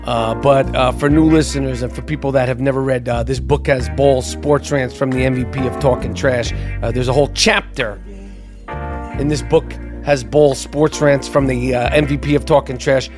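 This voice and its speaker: A man hosting a podcast, ranting loudly and profanely about sports with lots of fillers. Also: mid-range voice, steady tone, moderate pace, over music. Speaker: podcast host.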